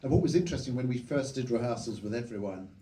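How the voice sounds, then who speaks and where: A film director calmly reminisces onstage before an audience in a cinema auditorium, his medium-pitched voice dark and mellow with a relaxed, measured manner. The stage mic was recorded from far back in the hall, so the sound is distant and roomy with faint hiss.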